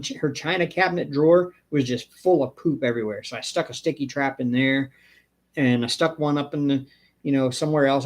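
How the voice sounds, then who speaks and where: A man hosting a live stream, telling a long story in a rambling, casual way. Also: medium pitch. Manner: rambling storyteller, acts out the people he quotes. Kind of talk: casual chat.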